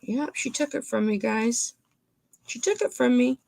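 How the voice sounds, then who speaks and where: A woman's voice: fairly high pitch, measured pace, gravelly, a little mellow. A woman hosting a live-streamed jewelry auction, chatting casually with viewers by name as she shows and sells pieces.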